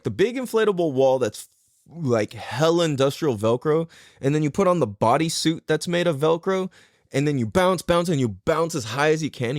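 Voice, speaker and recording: A man's voice: mid-range voice, no room sound, studio quality. A man hosting a podcast, retelling an experience in a casual, profane monologue and laughing often. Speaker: podcast host.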